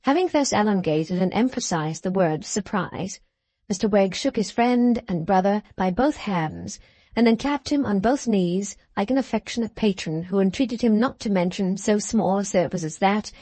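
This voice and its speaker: A woman narrating a classic novel in a measured, even storytelling voice, recorded at a close mic. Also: mid-range voice, no echo. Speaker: audiobook narrator.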